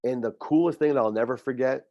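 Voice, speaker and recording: A man's voice: medium pitch, fast, no room sound, dull audio. Heartfelt middle-aged man, coach. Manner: heartfelt, faith-filled, repeats words when moved. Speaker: high school football coach and teacher. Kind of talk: emotional podcast interview.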